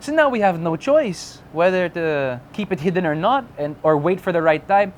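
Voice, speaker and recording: A young man, an interview guest, talking candidly and relaxed, switching between English and Filipino. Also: high voice, normal speed, a little hiss or hum. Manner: relaxed, mixes English and Filipino, acts out quoted voices.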